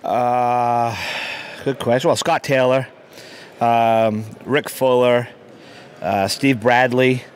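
A man's voice: mid-range voice, fairly even intonation, slow pace, long pauses, slight background noise. A man, a ring announcer answering interview questions in a wry, self-deprecating way. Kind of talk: casual interview.

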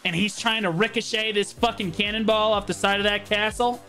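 A man commentating a game on a live stream, laughing and swearing in loud outbursts. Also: sits high, steady tone, fairly quick, soft background music.

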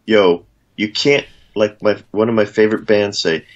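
A man co-hosting a casual political talk show who cuts in with deadpan questions and mock disclaimers. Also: lowish voice, moderate pace, muffled recording. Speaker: co-host.

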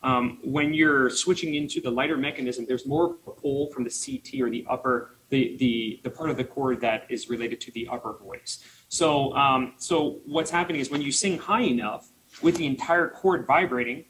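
A man's voice: medium pitch, animated, normal speed, fairly bright tone, a little hiss or hum, low-quality recording. A man voice teacher presenting at a conference, joking around while he explains. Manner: jokey and playful, explaining.

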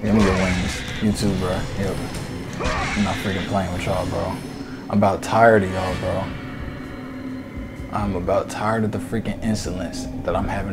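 A young man giving casual, excitable commentary to his viewers while he plays a video game. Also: sits low, moderate pace, long pauses. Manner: excitable, talks to his viewers, swears mildly. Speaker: gaming video creator. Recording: game music loud behind the voice. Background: game music.

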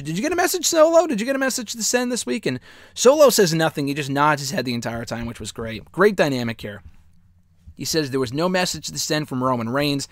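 A man in the middle of his range chats through a recap of a wrestling broadcast, rambling and doubling back to fix his own details. His casual, unscripted review style stays loose and friendly. The recording is dry and close, with almost no room echo. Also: medium pitch. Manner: rambling, self-correcting, chatty.

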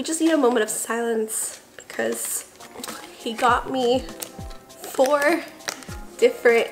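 A woman's voice: on the high side, takes it slowly, pauses often, soft background music. A young woman vlogger chatting casually about her Christmas gifts, gushing and full of fillers. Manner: gushing, chatty, repeats fillers like "like" and "I don't know". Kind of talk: casual vlog chat.

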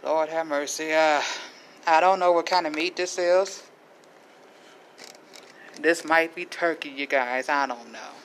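A woman's voice: low voice, measured pace, long pauses, slight background noise, low-quality recording. A middle-aged woman vlogger chatting casually to camera as she shows her food haul, with faith-filled asides.

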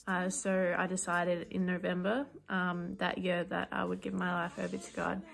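A woman giving a quiet, sincere personal testimony, halting with many fillers. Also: on the low side, monotone, vocal fry.

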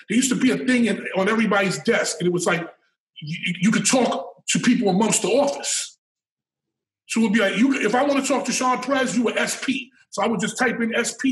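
A middle-aged man telling his story as an interview guest, animated, emphatic and full of swearing. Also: high voice. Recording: echoey room, mic at a distance.

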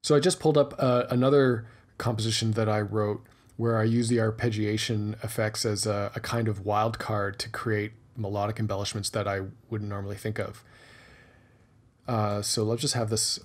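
Man, lowish voice, talking through a music tutorial over his screen, methodical, musing aloud as he works. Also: flat delivery, moderate pace. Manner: explanatory, methodical, thinking aloud while working. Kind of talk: screen-recorded tutorial narration.

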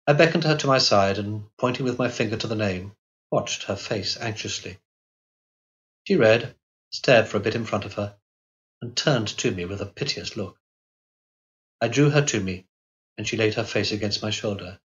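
Low-voiced man reading a novel aloud. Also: fairly bright tone. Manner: measured, reflective storytelling. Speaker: audiobook narrator. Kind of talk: scripted first-person literary narration. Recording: dull lo-fi recording.

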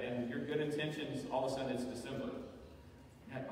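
A man's voice: a little high, fast talker, a little mellow, a little hiss or hum. Male pastor preaching in an echoey hall. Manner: conversational preaching with frequent "right?" asides. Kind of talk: sermon. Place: church sanctuary. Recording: echoey church hall, voice from far off.

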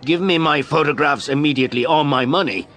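A man's voice: on the high side, fairly quick, fairly bright tone, pitched above the performer's own voice, natural voice. Angry old farmer in his seventies, raised and insistent, voiced by a male narrator. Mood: demanding. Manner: insistent, demanding.

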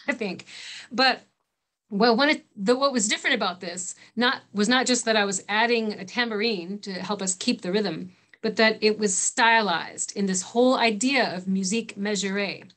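A middle-aged woman priest explaining thoughtfully in conversation, pausing often with fillers and restarts. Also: medium pitch, a bit bright.

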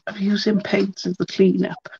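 A woman's voice: mid-range voice, level tone, moderate pace, vocal fry, darkish tone, lo-fi sound, a little hiss or hum. A woman hosting a casual crafting livestream, talking half to herself as she works. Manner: muttering to herself while working. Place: home craft room.

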